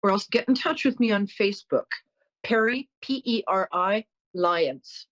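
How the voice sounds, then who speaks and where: With medium pitch, an expressive delivery, and a measured pace, a middle-aged woman hosts a psychic call-in show over dull-sounding audio. She's warm, apologetic, and blunt, chatting and telling anecdotes frankly.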